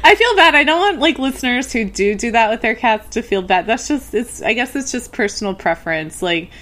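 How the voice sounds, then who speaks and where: A woman's voice: fairly high pitch, expressive, fairly quick, a bit bright. A woman co-hosting a podcast in casual late-night chat, chatty and full of fillers, laughing often. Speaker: podcast co-host.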